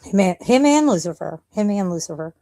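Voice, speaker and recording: A woman's voice: medium pitch, animated, brisk, warm tone. A woman live streamer chatting casually and rambling, blunt and profane, often laughing.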